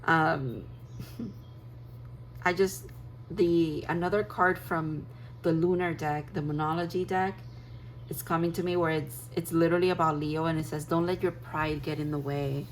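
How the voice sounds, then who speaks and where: A woman's voice: deep voice, fairly even intonation, measured pace, a little hiss or hum, poor audio. A woman tarot reader talking through a casual spoken card reading, dreamy and gushing, rambling with fillers.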